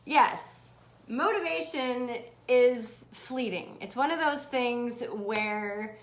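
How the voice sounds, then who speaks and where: A woman hosting a live motivational stream in a bubbly, animated manner, laughing often and swearing casually. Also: on the high side. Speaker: host. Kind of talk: livestream motivational talk.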